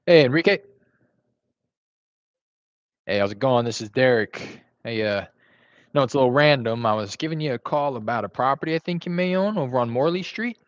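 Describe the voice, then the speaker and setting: A man's voice: medium pitch, lively intonation, brisk, pauses often, no room sound. A man making casual real estate cold calls from home while making lunch, talking in a laid-back, conversational way with lots of fillers. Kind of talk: casual livestream chat and phone calls. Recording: slightly dull, dry recording.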